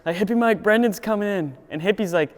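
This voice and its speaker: A young man, a pro skateboarder, telling stories in a casual, animated way, laughing a lot and acting out what people said. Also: high voice, fast talker. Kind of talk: casual storytelling. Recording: echoey room with loud background noise.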